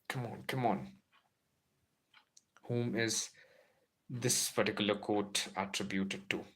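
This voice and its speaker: A man's voice: fairly low pitch, steady tone, takes it slowly, pauses often, fairly bright tone. A man with an Indian English accent teaching a live-streamed exam-prep literature lesson, enthusiastic and exclaiming as he quizzes his viewers.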